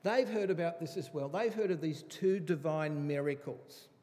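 Male Bible teacher, lively and emphatic, a bit high-pitched, long hall reverb. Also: normal speed. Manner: animated, emphatic, chatty asides. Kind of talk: conversational Bible study sermon.

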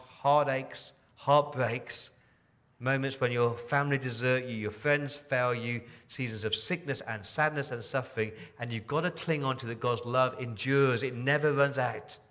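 A pastor preaching a sermon in a church, moving between soft, tender lines and loud, emphatic repetition. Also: male voice, mid-range voice.

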